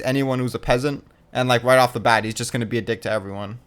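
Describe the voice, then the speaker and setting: Animated, smooth-voiced man riffing. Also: medium pitch, fast talker, hardly any pauses. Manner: animated, swears casually, many fillers. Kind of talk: casual fan discussion.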